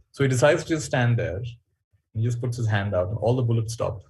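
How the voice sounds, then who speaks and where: Husky guy talking in a webinar, telling stories, pretty animated. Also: medium pitch, a little fast. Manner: storytelling, animated and reflective. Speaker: workshop speaker. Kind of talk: webinar talk.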